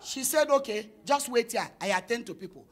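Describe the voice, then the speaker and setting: A woman pastor preaching a sermon, telling a personal story and acting out the dialogue, building up to shouted declarations. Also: fairly high pitch, animated, a little fast. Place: church conference hall.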